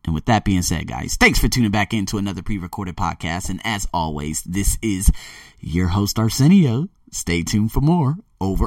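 Guy hosting a pep-talk podcast, lowish voice, dry sound a bit off the mic, gets loud then hushed. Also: normal speed, no room sound, distant mic. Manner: energetic, rambling, swings from loud excitement to hushed earnestness. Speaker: podcast host. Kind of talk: motivational monologue.

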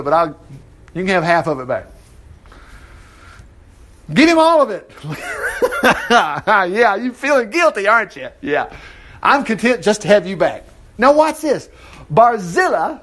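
Animated man teaching Bible study. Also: fairly high pitch. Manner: animated, interjecting comments while reading scripture aloud.

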